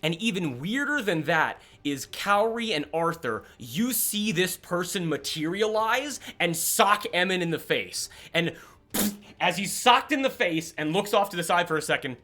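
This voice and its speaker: A man narrating as game master of a tabletop game, rambling and animated. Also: high-pitched, a little slow.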